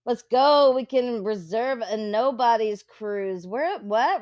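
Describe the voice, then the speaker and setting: A woman's voice: fairly high pitch, expressive, takes it slowly, darkish tone, no echo, lo-fi sound. Blunt, profane woman streamer. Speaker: livestream host. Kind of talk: casual chat reading out viewer comments.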